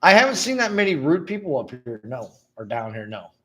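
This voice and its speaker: A man with a notably high-pitched voice talks in casual, profane chat. He vents bluntly and swears constantly, and he coughs now and then between stories. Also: very animated, a little fast, pushed and bright. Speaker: podcast co-host.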